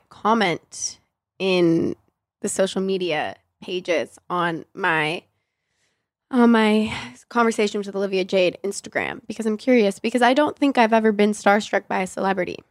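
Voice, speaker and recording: A woman's voice: medium pitch, moderate pace, no echo, studio quality. A young woman hosting a casual question-and-answer chat, nasal from being sick, frank and chatty, swearing casually. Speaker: podcast host.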